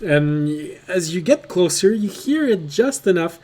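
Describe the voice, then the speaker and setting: Slow, lively-voiced man running the game. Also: high voice. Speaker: game master. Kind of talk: narrating a tabletop game.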